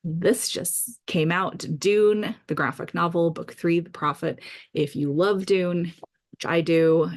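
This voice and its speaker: A woman's voice: on the low side, creaky. A middle-aged woman author chatting enthusiastically through her reading pile in a casual vlog, with frequent fillers. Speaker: author vlogger. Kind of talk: casual book-list vlog.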